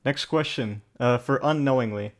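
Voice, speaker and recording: A man hosting a casual interview show, asking guests questions in a relaxed, self-deprecating way. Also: medium pitch, normal speed. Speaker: host.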